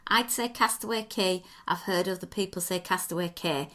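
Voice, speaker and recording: A woman's voice: on the low side, moderate pace, bright, forceful tone. A British woman hosting a podcast in friendly, chatty conversation. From Britain. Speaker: podcast host. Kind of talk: casual podcast chat.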